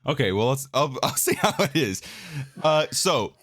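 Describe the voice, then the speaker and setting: A man's voice: medium pitch, sing-song, normal speed, a bit bright. A young man co-hosting a casual podcast chat, laid-back and jokey, steering the conversation. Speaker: podcast co-host.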